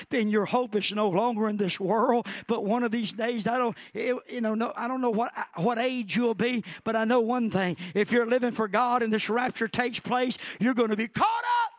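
A middle-aged man with a Southern US accent preaching a fervent Pentecostal sermon, with sudden loud exclamations. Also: high voice. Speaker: pastor.

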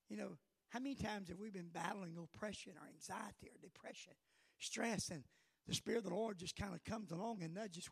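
A man preaching a sermon as pastor, swinging from quiet asides to shouted passages and asking the congregation questions. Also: sits high, normal speed, gravelly. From United States.

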